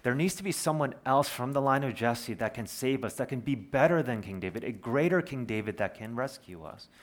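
A man preaching a sermon, earnest and explanatory, slowing down to stress key words. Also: mid-range voice, animated. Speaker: pastor.

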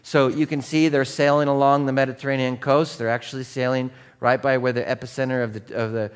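Animated storytelling male pastor. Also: medium pitch, a little fast, clean tone. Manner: storytelling, animated and self-mocking, many fillers and restarts. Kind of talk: sermon with personal story. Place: church stage.

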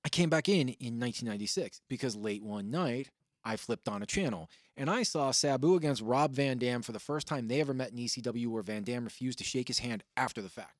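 Profane, rambling podcast host, dry sound. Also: male voice, medium pitch, a little fast, no room sound. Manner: rambling, profane, excitable storytelling. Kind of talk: casual podcast chat.

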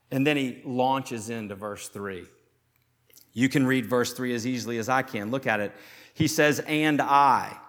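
A man preaching a sermon as pastor, earnest and questioning, slowing down for emphasis and speeding up for asides. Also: mid-range voice, a bit bright. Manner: earnest, questioning, shifts between slow emphasis and quick asides.

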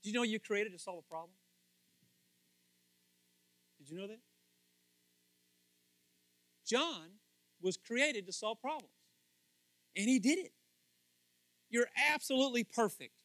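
A man preaching a lively sermon, swinging from hushed asides to loud excited bursts and laughing often. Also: high voice, measured pace, pauses often, no room sound. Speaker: pastor.

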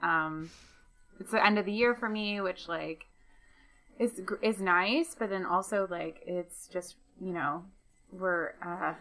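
A woman's voice: lowish voice, slow, pushed and bright. A young woman co-hosting a podcast, telling rambling stories in a chatty, laughing way. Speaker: podcast co-host. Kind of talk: casual chat.

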